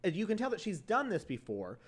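A man's voice: high-pitched, a little fast, husky. A man co-hosting a podcast, talking casually and animatedly about a TV show, swearing and acting out quotes. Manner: animated, swears, quotes others in exaggerated voices. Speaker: podcast co-host. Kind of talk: casual chat reviewing a TV show.

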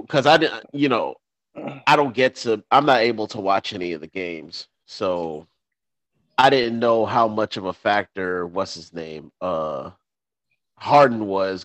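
A man co-hosting a casual sports podcast who talks haltingly and searches for words. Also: fairly low pitch, fairly bright tone, dry recording. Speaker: podcast co-host.

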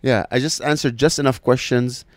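A man's voice: medium pitch, fairly even intonation, normal speed, no echo. A man co-hosting a podcast, telling a story in casual chat and acting out the other people's lines. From Arab background. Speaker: podcast co-host.

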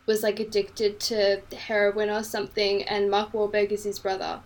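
A woman's voice: mid-range voice, monotone, normal speed, a crowd in the background. A young woman with an English accent, chatting as a podcast guest in a hedging, apologetic way, full of "like" and "I don't know". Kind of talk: casual chat.

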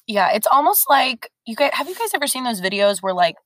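A woman's voice: fairly high pitch, very animated, fairly quick, a bit bright, no echo. A young woman co-hosting a podcast, chatting casually and finishing her friend's sentences. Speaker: podcast co-host. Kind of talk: casual chat.

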